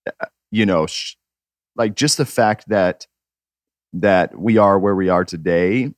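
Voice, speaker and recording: A man co-hosting a podcast, speaking earnestly and haltingly while holding back tears. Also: sits low, no echo. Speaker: podcast co-host, husband. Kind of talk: casual podcast talk.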